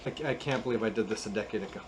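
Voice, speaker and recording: This thirtysomething YouTuber rants and curses sarcastically in exasperation while restringing a guitar for a casual how-to vlog. His lowish voice races along over background noise.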